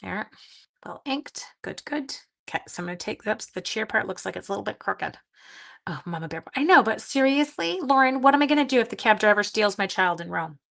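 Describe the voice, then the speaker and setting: A woman's voice: medium pitch, animated, fast, vocal fry, a bit bright. A middle-aged woman hosting a live craft video, chatting with viewers as she works, short on sleep. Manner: chatty, talks to live viewers while working. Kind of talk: live craft-along chat.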